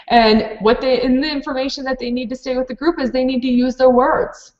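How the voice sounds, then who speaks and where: A woman's voice: high-pitched, fairly even intonation, a little fast, few pauses, a little mellow, reverberant, lo-fi sound. A woman who runs a preschool program, presenting a live online training for teachers in a practical, explanatory way with many fillers and restarts.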